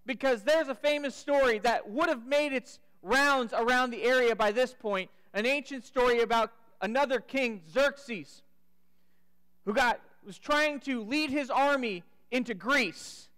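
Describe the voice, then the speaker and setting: A man preaching a sermon, retelling a story dramatically and sometimes dropping to a hush. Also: very high voice, smooth. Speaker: pastor. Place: church sanctuary. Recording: church sanctuary with long reverb.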